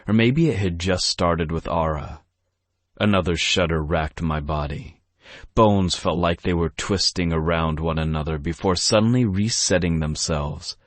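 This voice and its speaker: A man narrating a first-person romance audiobook in a brooding, steady way on a close studio mic. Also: sits low, dry recording.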